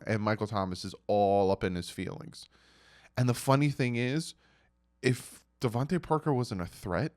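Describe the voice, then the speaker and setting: Animated, mocking male sports vlogger. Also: medium pitch. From United States. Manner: animated, mocking, reads out quotes with emphasis. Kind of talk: casual sports commentary.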